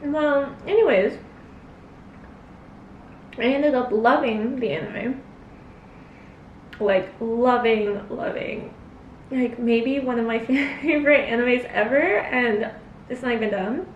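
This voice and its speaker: A young woman with a high, unhurried voice rambles through a casual eating chat, full of filler words. She sounds set back from the mic in a roomy space. A faint hiss sits under her voice. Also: recorded from a distance, dull audio. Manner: rambling, filler-heavy, chatty, talks between bites. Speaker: cosplay vlogger.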